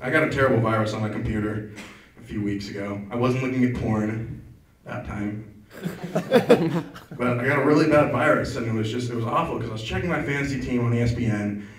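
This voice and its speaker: A man's voice: medium pitch, brisk, recorded from a distance, a little hiss or hum. A man performing a stand-up set at an open mic, rambling and self-deprecating with an offhand delivery. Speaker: stand-up comedian. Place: comedy club, open mic. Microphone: stage mic recorded from far off. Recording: echoey club taped from afar with crowd. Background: audience laughter.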